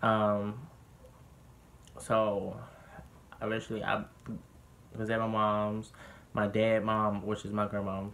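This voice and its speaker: A man's voice: fairly low pitch, slow, long pauses. Young man telling a candid story. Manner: candid, animated retelling, heated when quoting others. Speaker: vlogger. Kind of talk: personal storytelling.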